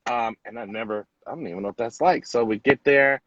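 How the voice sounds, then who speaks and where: A man, a hairstylist, telling a lively story in an interview and acting out the people in it. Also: mid-range voice, brisk, dry recording, dull audio. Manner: animated storyteller acting out quotes. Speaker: celebrity hairstylist, guest.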